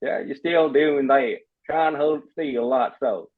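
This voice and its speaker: Husky voice coach on a dull call line. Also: male voice, mid-range voice, a little slow. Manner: patient, instructive, repeats words when starting. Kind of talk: coaching a guest through voice exercises.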